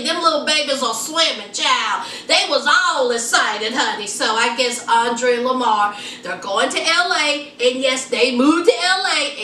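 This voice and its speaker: A sassy woman gossips through a reality show recap, teasing her viewers with "honey" and "child." Her voice sits high and bright. She sounds a little distant in a roomy, echoey space. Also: a little hiss or hum. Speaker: reality TV reviewer. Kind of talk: casual TV recap vlog. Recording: echoey room, mic set back.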